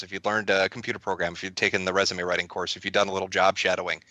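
A man talking as a guest on a casual podcast interview, wry and animated, acting out quotes from others. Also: deep voice, rapid-fire, hardly any pauses, no room sound.

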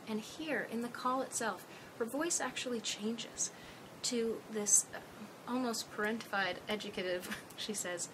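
Woman trainer, calm explanatory delivery, clear rumbling noise behind. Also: unhurried. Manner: thoughtful, explanatory, recounting a call. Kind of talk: training presentation.

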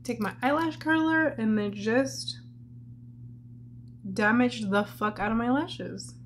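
A woman's voice: fairly high pitch, slow, pauses often, noisy background. Chatty young woman, candid makeup vlog. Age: young adult. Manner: candid and chatty, many "like" fillers. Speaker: vlogger. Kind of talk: casual makeup vlog with personal story.

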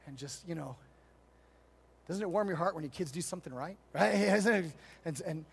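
A middle-aged male pastor delivers a sermon in a storytelling way. His voice sits a little high for a man. He moves between loud, emphatic points and hushed, gentle moments. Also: moderate pace, gravelly, breathy edge. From United States.

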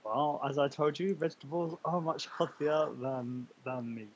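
A man's voice: on the high side, moderate pace, natural voice, poor audio. A man playing a cheeky halfling adventurer in a tabletop game, with faint hiss behind him. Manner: cheeky, teasing.

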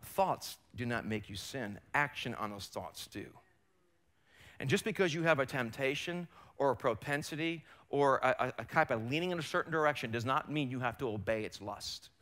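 A man's voice: mid-range voice, lively intonation, normal speed, fairly bright tone. A man preaching a sermon as pastor in a church, emphatic and rising and falling in force. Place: church sanctuary.

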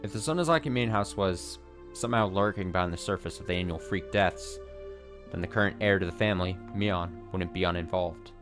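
A man with a low voice reading a visual novel aloud for his stream. He narrates steadily and breaks into expressive, cursing asides. Faint music sits in the background. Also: brisk. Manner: expressive, swears when annoyed. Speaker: let's play streamer.

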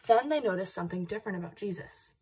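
A woman reading a Bible story aloud to children in a playful, encouraging way, pausing to ask them questions. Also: medium pitch, animated, mellow, husky.

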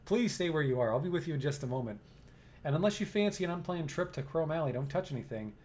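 A man reading game dialogue aloud, voicing a cultured and polite middle-aged male engineer who speaks in a formal, measured way. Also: on the high side, expressive, darkish tone, close to an everyday voice.

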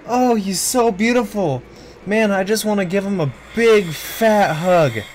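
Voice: medium pitch, slow, slight background noise, low-quality recording. A streamer giving casual let's play commentary on a horror game, panicking and swearing and laughing between scares. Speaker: gameplay streamer.

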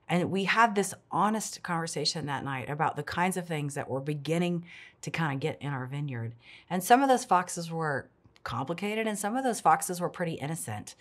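A woman's voice: sits low, lively intonation, brisk. A middle-aged woman giving an earnest, reflective devotional talk as a ministry speaker.

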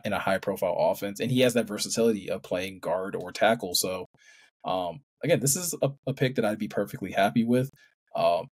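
A man co-hosting a casual sports chat, measured and hedging his points. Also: fairly low pitch, darkish tone, husky. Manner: measured, hedging with "again" and "I mean". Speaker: co-host.

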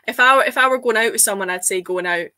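A woman's voice: on the high side, fast talker, bright, forceful tone, no echo. A young Scottish woman in casual chat, eagerly explaining words on a video call. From Scotland. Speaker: guest.

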